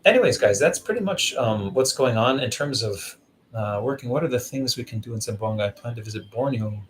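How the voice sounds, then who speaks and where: A man's voice: mid-range voice, animated, fairly quick, slight background noise, rough recording. A man chatting casually on a live vlog stream, rambling through stories and answering viewers by name. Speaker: vlogger doing a live stream. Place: Zamboanga City.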